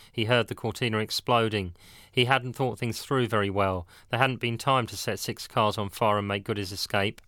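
A man narrating an audiobook in an even, measured reading. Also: fairly low pitch, dry recording, studio quality.

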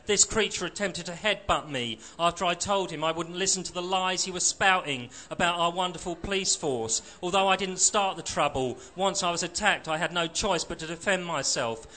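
A man voicing a surly, combative young male skinhead with rough, mocking working-class speech. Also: high voice, bright, forceful tone. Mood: falsely polite.

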